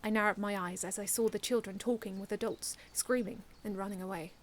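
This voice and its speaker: A woman reading her own first-person fan story aloud in an earnest, expressive way, often restarting lines. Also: mid-range voice, brisk, slight background noise.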